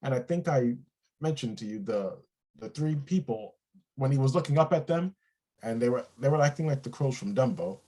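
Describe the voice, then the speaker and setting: Laid-back guy talking tv reviews, lots of ums, middle pitch. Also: normal speed. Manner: relaxed, thinks aloud with many ums and uhs. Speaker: co-host of a TV review show. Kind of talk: casual review chat.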